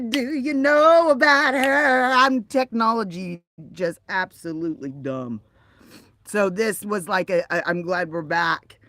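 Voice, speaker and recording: Animated profane woman livestreamer. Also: a little high, dry recording. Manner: animated, profane, swings between loud outbursts and quiet asides. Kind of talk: casual storytelling livestream.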